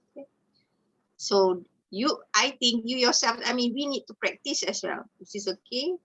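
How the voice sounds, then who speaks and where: Bright-voiced woman teacher trainer on a video call. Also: fairly high pitch, husky, poor audio. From Malaysia. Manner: tags phrases with "okay" and "all right", mixes in Malay phrases. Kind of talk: webinar lecture.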